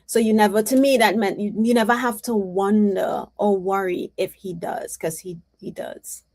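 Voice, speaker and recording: A woman's voice: medium pitch, steady tone, moderate pace, darkish tone. A woman psychic reader giving a casual mediumship reading, rambling and chatty with many restarts.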